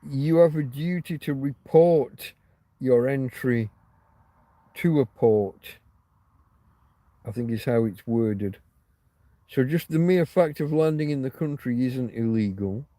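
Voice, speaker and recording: Mellow-voiced man rambling on a livestream. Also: mid-range voice, slow pace, pauses often, no echo. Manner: meandering, answers viewer comments. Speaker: livestream host. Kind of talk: casual rambling chat with viewers.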